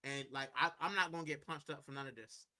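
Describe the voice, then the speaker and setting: A man's voice: fairly high pitch, fast talker, bright, forceful tone. A man hosting a live stream, chatting casually with viewers and reading their comments, talking in a loose, rambling way and saying "bro" constantly. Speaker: livestream host. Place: indoors, in a corner at home.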